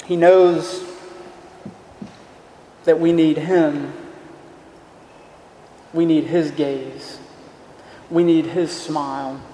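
A man's voice: on the high side, fairly even intonation, extremely slow, long pauses, dark tone. A man preaching a sermon in an earnest voice, asking rhetorical questions and repeating his words. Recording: echoey hall, faint room noise.

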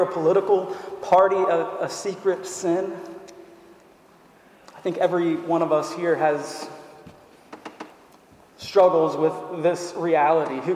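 A man with a slightly raised pitch delivers a sermon in a church, driving his points home with repeated phrases and rhetorical questions. His voice rings through a large, echoing sanctuary with a long reverb tail. Faint room noise sits underneath. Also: darkish tone. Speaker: pastor. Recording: echoey hall with long reverb.

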